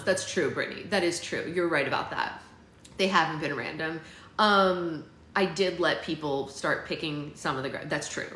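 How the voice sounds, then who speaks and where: A woman's voice: lowish voice, fairly bright tone. A woman hosting a book club livestream, chatting casually with viewers by name and using many fillers. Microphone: phone livestream. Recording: roomy with faint background noise.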